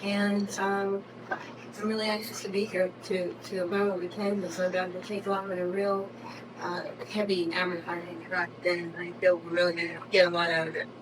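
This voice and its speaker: A woman introducing herself at a seminar, halting but eager. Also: on the low side, flat delivery, far from the mic, noisy background. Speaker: seminar attendee. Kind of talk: self-introduction.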